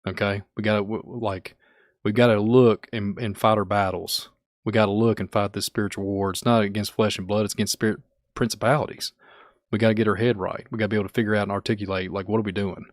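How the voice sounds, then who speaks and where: Man, Kentucky accent, podcast host, rambling, repeats himself, low-pitched, dry close sound. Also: little pitch movement, quick pace, no echo. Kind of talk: casual livestream talk reading chat.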